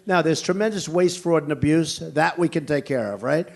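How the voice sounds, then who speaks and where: A man's voice: on the high side, fairly quick, gravelly, hardly any pauses, a little mellow. Blunt, emphatic older American man. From United States. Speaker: presidential candidate at a rally. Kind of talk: campaign rally Q&A. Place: large indoor venue.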